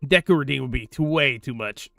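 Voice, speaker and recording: A man's voice: medium pitch, a little fast, creaky, sharp tone, dry recording, studio quality, faint music behind. A young man chatting casually on a gaming stream into a desk mic, slangy and laughing often.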